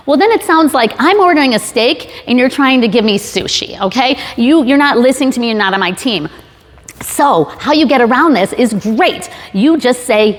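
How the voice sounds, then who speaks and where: A woman speaks to a live audience in a big hall, and the long reverb trails behind each phrase. Her voice sits a little high, and her delivery is loose and chatty. She is full of ums, restarts and joking asides. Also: animated, moderate pace. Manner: chatty, many fillers and restarts, jokey asides. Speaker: sales trainer giving a talk. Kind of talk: casual live talk to an audience.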